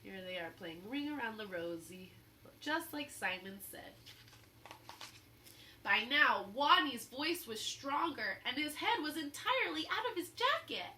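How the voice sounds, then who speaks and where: A woman reading a children's picture book aloud, pausing to explain the story to young listeners. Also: sits high, sing-song, sharp tone. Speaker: storybook reader. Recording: roomy echo, faint hum.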